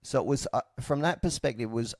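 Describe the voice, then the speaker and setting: A man's voice: medium pitch, fast, dry recording, clean studio sound. A man in young adulthood, frankly and reflectively telling his story in casual talk, with many fillers and restarts. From Australia.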